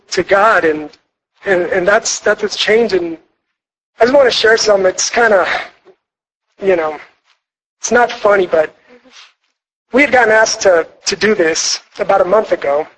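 A young man with a notably high voice tells his story to a retreat audience. He is earnest and rambling, restarting sentences and leaning on fillers as he speaks. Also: husky, rough recording. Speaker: speaker sharing his testimony at a marriage retreat. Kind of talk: personal testimony talk to an audience. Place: church retreat hall.

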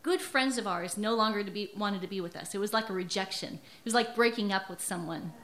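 A woman's voice: medium pitch, fairly quick, a bit bright. A middle-aged woman giving an earnest, emotional testimony at a church service, often repeating words for emphasis. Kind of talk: personal testimony in a sermon.

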